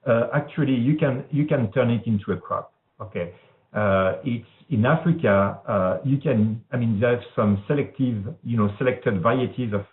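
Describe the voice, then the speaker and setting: A man with a French accent, a weed scientist answering questions in a webinar, speaking haltingly with many restarts. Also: mid-range voice. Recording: tinny phone-like webinar audio.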